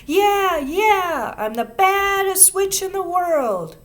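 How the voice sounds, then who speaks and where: A woman voicing a rowdy little girl in a witch costume, shouting loud and gleeful in a storybook reading. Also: very high voice, big pitch swings, slow, pitched above the performer's own voice, heavily acted.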